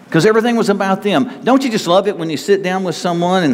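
A pastor delivers a conversational sermon in a high, fast voice with few pauses, often acting out the voices of self-centered people. The recording has a reverberant hall sound with faint room noise.

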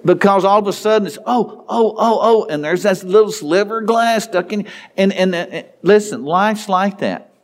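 Man, middle-aged, preacher, folksy storytelling sermon, rambling with restarts, fairly high voice. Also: normal speed.

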